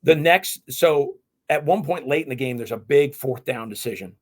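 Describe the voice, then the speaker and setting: A man in his fifties from New England, a podcast guest telling animated stories in casual interview talk. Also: medium pitch, normal speed. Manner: animated, lively anecdotes with restarts.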